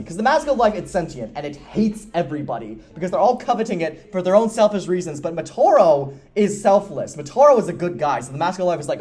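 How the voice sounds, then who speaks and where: A man speaking at a convention panel, enthusiastically explaining a story's lore with quick jokes. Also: high voice, sing-song, darkish tone. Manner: fast, enthusiastic, self-deprecating jokes. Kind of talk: energetic lore explainer talk.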